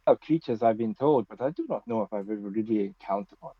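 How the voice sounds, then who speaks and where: A man playing a character in a tabletop game, speaking in a halting, earnest way. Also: on the low side, husky, no echo. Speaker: player. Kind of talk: in-character tabletop role-play. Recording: dull lo-fi dry mic.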